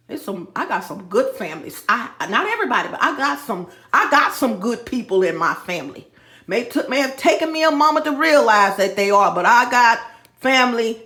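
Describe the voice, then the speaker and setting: A woman vlogs in a casual monologue, talking emphatically straight to her viewers, calling them "y'all" and repeating her points and phrases. Her voice is on the high side, bright and forceful, with big pitch swings at a normal speed. The room is echoey.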